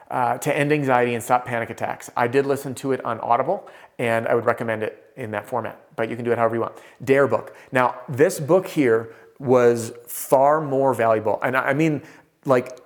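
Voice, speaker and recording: A man giving a motivational talk as a sales coach, telling a story with animated delivery and shifting pace. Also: medium pitch.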